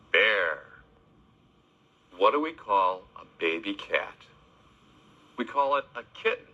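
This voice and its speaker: A man teaching children animal names in a slow, sing-song voice, spelling each word letter by letter. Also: low voice, bright, forceful tone, muffled recording. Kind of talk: spelling lesson for kids.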